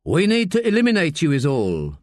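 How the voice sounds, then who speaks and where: A man voicing a calm, sardonic veteran police sergeant in an audiobook. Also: fairly high pitch, a little fast, no echo. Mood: wry. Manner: dry, sardonic.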